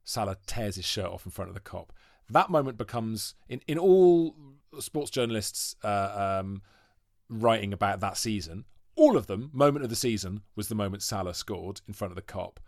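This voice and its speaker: Man, 30s, low and dry, animated storyteller, swears freely. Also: moderate pace, no room sound. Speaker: podcast guest. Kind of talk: casual storytelling chat.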